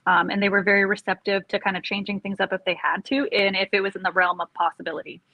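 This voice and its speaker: A woman, an army career counselor, chatting casually and telling animated stories with frequent laughs. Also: mid-range voice, quick pace, no room sound, muffled recording. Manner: animated storyteller, laughs often. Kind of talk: casual podcast chat.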